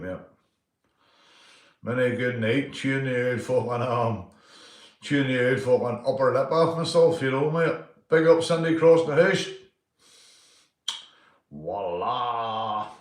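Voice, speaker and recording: A middle-aged man with a Northern Irish accent rambles through true stories and shout-outs on a live stream from his home. He swears freely, breaks into laughter as he tells his tales and calls everyone "mate". His voice sits at an ordinary pitch and carries a roomy echo. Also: fairly even intonation, moderate pace, pauses often.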